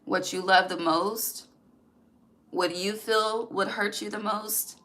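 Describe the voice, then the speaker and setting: A woman's voice: medium pitch, fairly even intonation, takes it slowly, a bit bright, poor audio. Chatty woman reading tarot. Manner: chatty, emphatic, swears freely, talks to viewers directly. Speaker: tarot reader.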